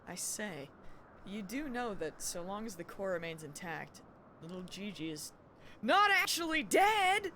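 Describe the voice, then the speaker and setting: A woman voicing a hearty older nobleman who talks in a brisk, proper way, with game music behind. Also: lowish voice, a little hiss or hum, lightly acted. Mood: reassuring.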